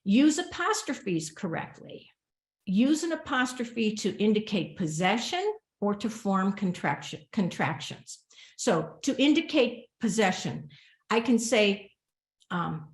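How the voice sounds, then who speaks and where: A woman's voice: medium pitch, roomy sound. A woman attorney giving a business communication webinar. She talks conversationally, often repeats and restarts her words, and reads example sentences aloud with the punctuation spoken. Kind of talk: instructional webinar talk.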